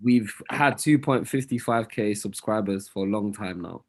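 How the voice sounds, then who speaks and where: A man from hosting a podcast, relaxed and chatty with hesitant fillers. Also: fairly low pitch, moderate pace. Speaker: podcast host. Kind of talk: casual podcast sign-off.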